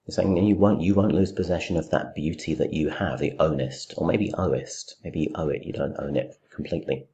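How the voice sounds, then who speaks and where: Very deep-voiced male literature teacher. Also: a little fast, few pauses, dark tone. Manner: thinking aloud, frequent fillers and restarts. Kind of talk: recorded lecture, poetry commentary.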